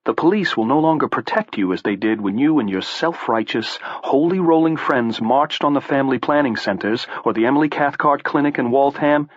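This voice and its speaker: A man's voice: medium pitch, a little fast, few pauses, dry recording, highs cut off, voice pushed up, close to an everyday voice. A man voicing a mild but bitter middle-aged man who speaks in a dry, sardonic way.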